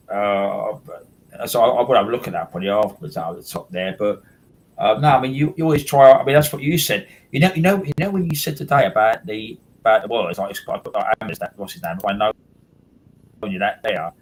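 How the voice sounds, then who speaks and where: A man's voice: on the low side, fairly quick, rough recording. A man, hosting a casual chat and rambling with many restarts and repeated words. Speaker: host.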